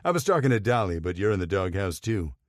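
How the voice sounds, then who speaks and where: A man voicing a jealous, playful grown man who talks in a gruff, teasing way. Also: deep voice, sing-song, fast, dry recording, studio quality.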